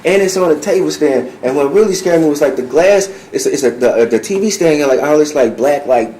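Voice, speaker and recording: A man with a high-pitched voice rushes through his account, acting out each line he quotes and piling on fillers as he goes. He sounds as if he is in an echoey room. A faint background noise hums underneath. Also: animated, dark tone. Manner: acts out quoted dialogue, rambling with many fillers. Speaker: client preparing testimony. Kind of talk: animated storytelling.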